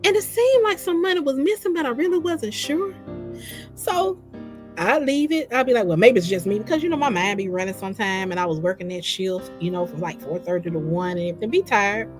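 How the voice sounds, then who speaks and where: A woman's voice: medium pitch, brisk, soft background music. A woman recounting her own story in casual conversation, repeating phrases and quoting herself. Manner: animated, repeats phrases, quotes herself in dialogue.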